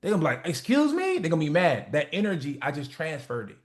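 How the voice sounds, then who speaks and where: A man's voice: fairly high pitch, animated, very fast. A man hosting a motivation call, talking in a blunt, profane, preachy way and acting out the people he quotes. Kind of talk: casual motivational talk.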